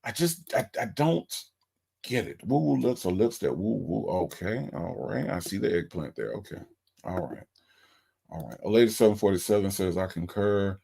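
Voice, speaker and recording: A man's voice: fairly low pitch, very animated, moderate pace, creaky, warm tone, husky. A man hosting a live stream, reviewing a recorded call and talking to his chat in an incredulous, repetitive way. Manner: exasperated, incredulous, repeats questions to the chat.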